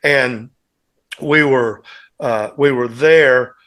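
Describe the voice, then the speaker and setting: A man's voice: medium pitch, extremely slow, fairly bright tone. A man on a casual podcast, telling long, rambling band anecdotes as a guest musician and acting out what others said.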